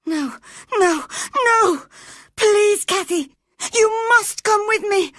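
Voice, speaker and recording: A woman's voice: slow pace, a bit bright, no echo, clean studio sound, exaggerated voice. Woman doing a sobbing frightened sickly boy. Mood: panicked. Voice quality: tearful, high and shaky. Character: sickly terrified teenage boy, whimpering.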